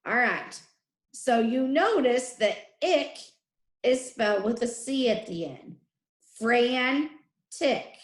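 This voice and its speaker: Slow, careful first grade teacher. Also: female voice, on the high side, sing-song. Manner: slow, clearly drawn-out letter sounds. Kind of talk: recorded phonics lesson. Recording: echoey room.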